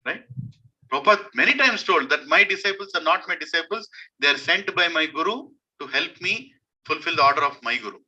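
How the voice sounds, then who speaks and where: A man's voice: animated, brisk, bright, forceful tone, breathy edge, low-quality recording. A man giving a devotional sermon, telling a story and asking his listeners rhetorical questions. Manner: acts out quoted voices, rising high and emotional. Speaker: speaker at a scripture study gathering.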